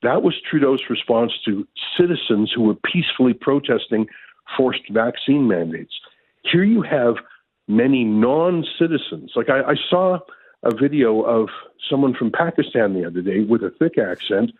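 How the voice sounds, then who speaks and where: A man's voice: medium pitch, lively intonation, normal speed. A man in his fifties from Canada, a guest in a remote interview, talking in an agitated way with many repeated words and restarts. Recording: tinny phone-like line.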